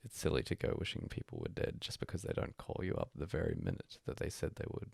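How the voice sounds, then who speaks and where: A man reading a bedtime story aloud as a hushed, breathy first-person monologue. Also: extremely low pitch, big pitch swings, fast, no room sound, studio quality. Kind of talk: soft-spoken story reading.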